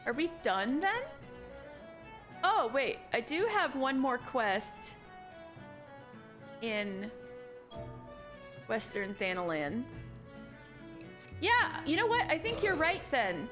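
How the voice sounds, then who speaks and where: A woman's voice: high voice, sing-song, slow, long pauses, music in the background. A woman streamer chatting casually while playing, musing aloud as she works things out. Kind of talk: casual game-stream chat.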